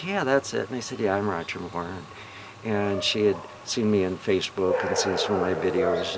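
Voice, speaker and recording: A middle-aged man, a hypnotherapist, telling a personal story to viewers in an earnest, encouraging way. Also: on the low side. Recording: noticeable background noise.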